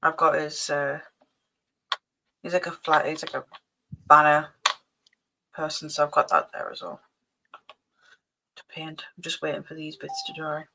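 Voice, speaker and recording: A woman's voice: sits low, a little slow, creaky, long pauses, background noise. A woman co-hosting a casual livestream who chats in a friendly, helpful way while she paints.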